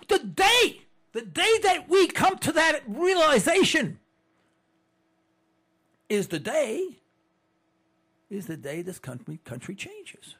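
A man's voice: extremely high pitch, very animated, takes it slowly, gravelly, long pauses, fairly bright tone. A man hosting a political talk show, ranting fervently and repeating phrases for emphasis. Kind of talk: impassioned political monologue. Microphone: computer setup.

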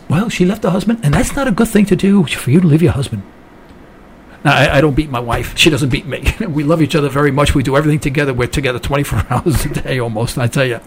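A man hosting a talk radio show, delivering an impassioned political monologue full of restarts and sudden rises in pitch. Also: vocal fry, breathy edge. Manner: heated, rambling, with many restarts and rising outbursts.

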